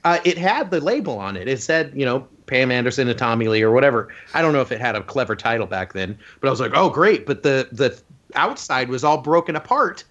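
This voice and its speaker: A podcast co-host, a man with a medium-pitched voice, talks fast in a casual chat, animatedly narrating stories and imitating the people he quotes. The recording is dull and lo-fi.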